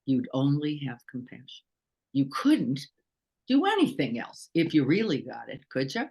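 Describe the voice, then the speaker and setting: A woman's voice: extremely low pitch, moderate pace, vocal fry, breathy edge. A woman meditation teacher giving a casual dharma talk, full of rhetorical questions and acted-out quotes. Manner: animated, asks rhetorical questions, acts out quotes.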